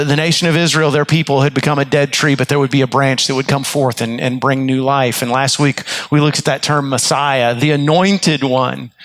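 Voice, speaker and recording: A man's voice: on the high side, fairly bright tone, dry recording. A man preaching a sermon as pastor, telling stories earnestly and restarting his phrases often. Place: church sanctuary.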